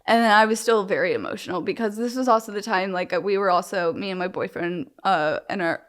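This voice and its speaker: In a brisk, mid-range voice, a young adult woman being interviewed opens up about her experiences. She rambles candidly, restarting often and leaning on "like," with real emotional honesty.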